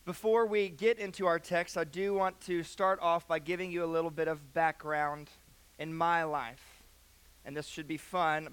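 A young pastor speaks from the pulpit in a church sanctuary. His voice sits a little higher than most men's. He tells his own story earnestly, and his prayers drop to a hushed tone. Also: clear, resonant tone. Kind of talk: sermon.

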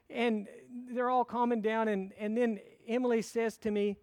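A man's voice: extremely high pitch, little pitch movement, normal speed, hardly any pauses, darkish tone. A middle-aged male pastor preaching a sermon in a conversational style, telling stories and mixing in light humor.

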